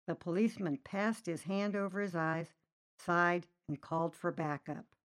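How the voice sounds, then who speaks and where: A woman reading a short story aloud, narrating lively and voicing the characters' lines herself. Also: moderate pace. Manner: lively, voices characters with raised pitch. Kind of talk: storybook narration with acted dialogue.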